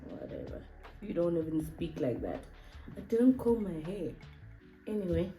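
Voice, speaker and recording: A woman's voice: fairly low pitch, wildly swooping pitch, moderate pace, mellow, soft background music, poor audio. A woman hosting a casual couple vlog, playful and teasing, sometimes hesitant as she searches for words. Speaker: vlog host.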